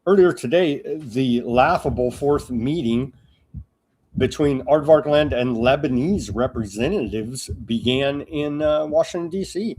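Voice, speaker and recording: A man's voice: mid-range voice, measured pace, a little mellow, husky. A man hosting a live political news commentary show, talking in a sarcastic, mocking way with lots of fillers and restarts.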